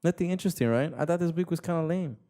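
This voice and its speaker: A man's voice: a little high, very fast, warm tone. A young man hosting a casual podcast chat, rambling and slangy, often repeating himself. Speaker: podcast host.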